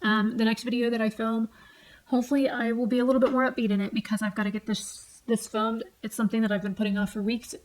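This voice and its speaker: A vlogger in her forties, seated on a tall stool at home, vents in a quick, slightly high, a little mellow voice with little pitch movement. The rant is heated, blunt, and heavily sworn, replaying arguments line by line with quoted exchanges, on a rough recording.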